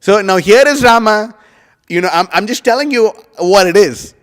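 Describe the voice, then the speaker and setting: A man's voice: sits high, normal speed. Rambling man giving a scripture class. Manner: rambling and animated, full of "you know" and "like". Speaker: devotional class speaker. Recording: long hall reverb.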